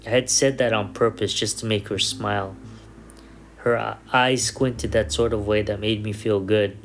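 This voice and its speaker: A man calmly narrating a first-person story in a measured reading voice. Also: fairly low pitch. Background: soft guitar music.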